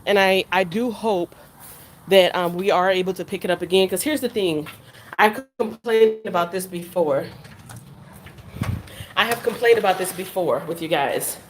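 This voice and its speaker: A vlogger with a lowish voice speaks at normal speed, pausing often, while walking outdoors around her neighborhood. She addresses her camera casually, rambling and circling back over her words as she honestly criticizes herself.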